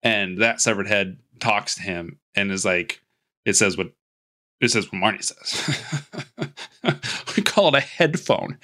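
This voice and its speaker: A man's voice: on the low side, expressive, unhurried, pauses often, bright, forceful tone. A man casually recapping a movie plot on a podcast, rambling with restarts and laughing at his own jokes. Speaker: podcast host.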